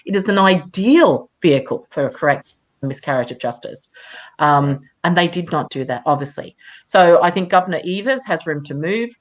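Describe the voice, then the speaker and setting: A woman campaigner in a live online chat, speaking in a measured, emphatic way with frequent fillers. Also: on the low side, expressive, muffled recording. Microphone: video call.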